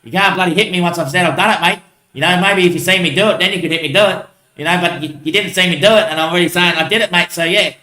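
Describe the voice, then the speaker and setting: A man's voice: high-pitched, racing, bright, forceful tone. A man voicing a guilty, pleading male pet dog who protests in a matey way. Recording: roomy echo.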